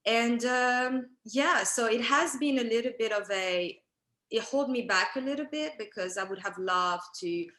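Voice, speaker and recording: A woman's voice: a little high, unhurried, sharp tone, reverberant. A woman from France and Italy with a French accent, an actress talking hesitantly as a guest in an interview. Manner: hesitant, with restarts and fillers. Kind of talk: interview conversation.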